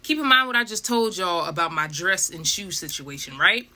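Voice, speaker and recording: A young woman telling a storytime vlog, animated and dramatic, with frequent asides to her viewers. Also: on the low side, normal speed. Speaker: vlogger.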